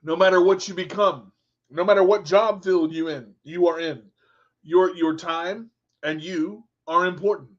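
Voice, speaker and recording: A man's voice: high voice, fairly even intonation, unhurried, lo-fi sound. A man hosting a radio show, giving an earnest, rambling motivational monologue with repeated words.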